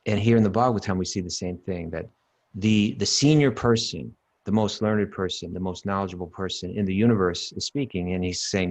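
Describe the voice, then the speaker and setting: A man with a very low, deep voice leads a relaxed scripture discussion. He talks emphatically, circles back on his words, and breaks into chanted Sanskrit verses. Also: a little fast. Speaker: podcast co-host teaching scripture. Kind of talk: casual teaching talk.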